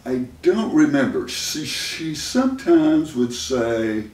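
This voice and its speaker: A man, a therapist hosting an interview, telling stories in an unhurried, casual way and laughing often. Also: mid-range voice, very animated, a little mellow. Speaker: therapist and host. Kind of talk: casual conversational storytelling. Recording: roomy room sound from a distant mic, faint noise.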